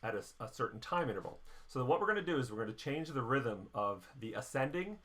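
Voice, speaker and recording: A middle-aged man teaching a band warm-up lesson, explaining each step patiently. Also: medium pitch, sing-song, fast. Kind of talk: instructional lesson.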